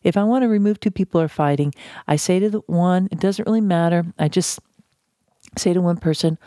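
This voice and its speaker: A woman giving a measured, reflective talk on handling conflict, pausing often and repeating phrases for emphasis. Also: on the low side, mellow, dry recording, studio quality. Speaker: speaker on conflict de-escalation. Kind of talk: talk on civility.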